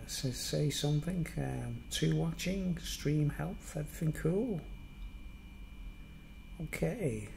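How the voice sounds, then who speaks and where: Middle-aged man, toned-down Merseyside accent, mellow voice, chatty self-deprecating live streamer full of fillers. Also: a little high, takes it slowly, gravelly, slight background noise, low-quality recording. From Merseyside, England. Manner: rambling, self-mocking, chatty with many fillers. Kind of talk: casual live-stream monologue.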